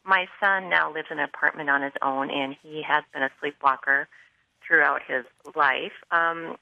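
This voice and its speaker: A middle-aged woman calling a radio show, concerned and explaining in detail with many pauses. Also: deep voice, steady tone, gravelly, no echo. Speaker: caller. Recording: dull phone line.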